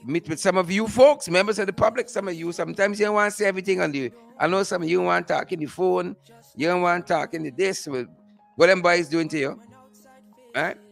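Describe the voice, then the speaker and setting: A man with a Guyanese accent hosting a live stream from outdoors, repeating upbeat shout-outs to his viewers by name. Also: high-pitched, quick pace, creaky, soft background music. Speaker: host.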